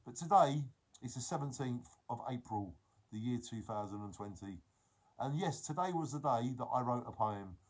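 A man talks to his viewers in a slightly husky voice. His pitch sits right in the middle, and he reads out their comments in a casual livestream chat. He sounds earnest and emphatic, giving them lots of encouragement. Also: expressive, normal speed. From England. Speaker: vlogger reading out viewer comments.

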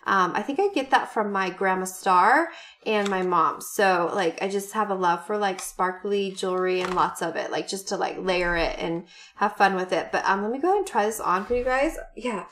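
A woman vlogger opening fan mail on camera, chatting casually, gushing and excited, with frequent gasps and many rambling fillers. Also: mid-range voice, moderate pace, a little hiss or hum.

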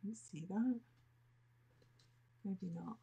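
A woman's voice: mid-range voice, drawn-out words, creaky, dark tone, slightly rough. A woman teaching a nail art class, chatting casually and thinking aloud as she works. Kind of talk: casual tutorial demonstration.

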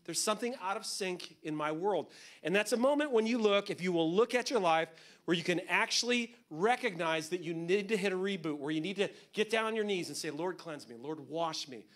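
High-voiced pastor preaching casually. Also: male voice, fairly bright tone. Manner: conversational and joking, acts out quotes. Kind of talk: sermon.

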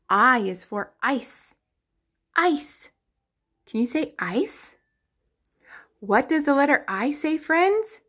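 A woman teaching the alphabet to toddlers in a slow, sing-song, exaggerated way. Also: fairly high pitch, animated, pushed and bright. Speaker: children's teacher.

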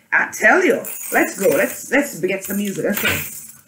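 A woman's voice: medium pitch, expressive, takes it slowly, echoey room, music in the background. A woman teaching a children's phonics reading lesson, chanting and spelling letters aloud with her class. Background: tambourine jangling.

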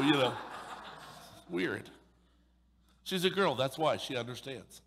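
A middle-aged man preaching a sermon in a church, joking and animated, with playful acted asides. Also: fairly high pitch, normal speed, pauses often, crowd noise. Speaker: pastor. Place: church sanctuary. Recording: long reverb of a large hall.

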